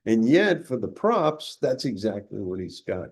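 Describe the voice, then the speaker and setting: A man's voice: on the low side, very animated, a little slow, slight background noise. An older man, a guest historian, talking emphatically in an interview with frequent restarts. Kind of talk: conversational interview.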